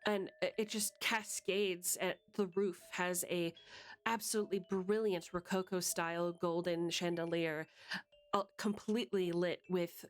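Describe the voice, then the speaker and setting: A woman running a tabletop game as game master, describing scenes with many fillers and pauses. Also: lowish voice, steady tone.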